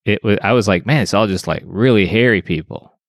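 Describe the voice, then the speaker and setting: A man co-hosting a podcast in casual chat, laid-back and quick to laugh. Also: lowish voice, no echo, clean studio sound. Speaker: podcast co-host.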